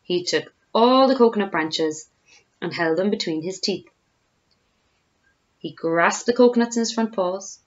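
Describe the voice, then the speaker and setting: A woman, a teacher, reading a children's storybook aloud with expressive storytelling. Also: medium pitch, measured pace, long pauses, highs cut off.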